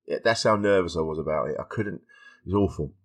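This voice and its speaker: A man, a stand-up comedian guest on a podcast, telling stories in a lively way and acting out the voices of people he quotes. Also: sits low, fast talker. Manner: animated storytelling, acts out quoted voices. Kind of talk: casual podcast interview.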